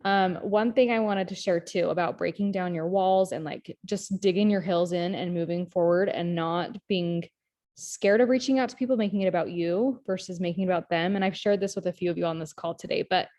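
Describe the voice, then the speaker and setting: A woman giving a motivational pep talk to her sales team on a group video call, energetic and chatty, often turning to the listeners as "you guys". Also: on the low side, fairly quick. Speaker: team leader in a direct-sales team.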